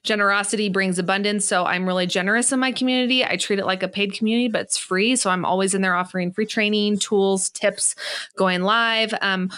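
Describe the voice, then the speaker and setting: A woman's voice: medium pitch, steady tone, brisk, fairly bright tone, clear, resonant tone. Female business coach guest; emphatic, preachy motivational delivery. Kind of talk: podcast interview.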